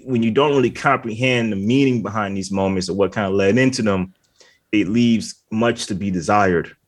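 A man co-hosts a podcast in a casual, rambling way, stuffing his sentences with filler words. His voice sits fairly low and he laughs easily. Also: moderate pace. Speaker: podcast co-host. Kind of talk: casual chat.

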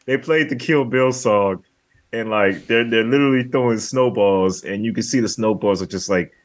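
A man co-hosting a podcast, retelling movie scenes in an animated way, with laughs and many restarts. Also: fairly low pitch, moderate pace. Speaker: podcast co-host. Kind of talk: casual movie review chat.

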